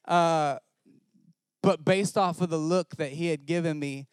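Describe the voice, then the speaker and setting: Guy preaching, funny animated story, self-mocking, dry no-room sound. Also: a little high, a little slow, smooth, no echo. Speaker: pastor. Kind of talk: storytelling sermon.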